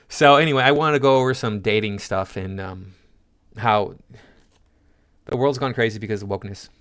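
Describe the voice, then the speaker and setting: A man's voice: on the low side, moderate pace, fairly bright tone, clear, resonant tone. A man hosting a commentary channel, reading social media posts aloud and answering them in a scornful, lecturing way.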